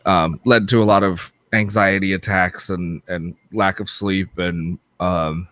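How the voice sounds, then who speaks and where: A man co-hosting a podcast in casual chat, candid and quick to swear. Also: low voice, steady tone, a bit bright, dry recording. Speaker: podcast co-host.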